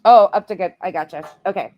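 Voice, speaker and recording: A woman's voice: medium pitch, brisk, no echo, muffled recording. A woman in her forties, a true crime streamer, telling stories in casual, blunt and profane livestream chat. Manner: blunt and profane, animated storytelling.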